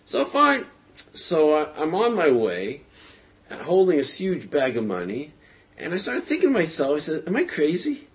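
A man telling a religious story in a casual, lively way, with frequent hesitations, fillers and chuckles. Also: fairly high pitch, normal speed.

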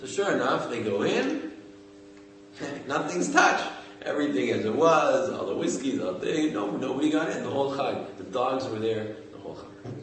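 A man telling a story in a halting, conversational way, often restarting his phrases. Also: mid-range voice, sing-song, fairly bright tone. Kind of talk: informal oral storytelling. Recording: echoey room, mic far off, faint background noise.

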